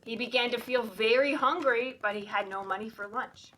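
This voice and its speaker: This is a children's storytime read-aloud: a woman librarian with a fairly high, bright voice and a forceful tone reads a picture book at normal speed. She frequently poses questions to the children and invites them to join in, captured from a little distance.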